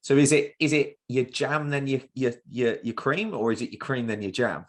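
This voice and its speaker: A man's voice: mid-range voice, normal speed. A man with a Birmingham accent hosting a fitness podcast, chatty and reflective, calling his guest mate. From Birmingham, England. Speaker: podcast host. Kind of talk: casual interview chat.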